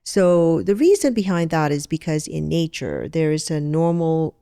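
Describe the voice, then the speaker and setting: A woman fertility doctor explains the medical side in a calm, measured way. Her voice has a gravelly edge, and the recording is dry and close. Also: low-pitched, no echo.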